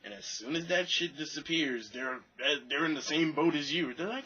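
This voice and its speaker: A young man vlogging to camera in a rambling, self-deprecating way, mimicking other people in high voices. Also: normal speed, hardly any pauses, sharp tone, husky, dull audio. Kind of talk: casual monologue to camera.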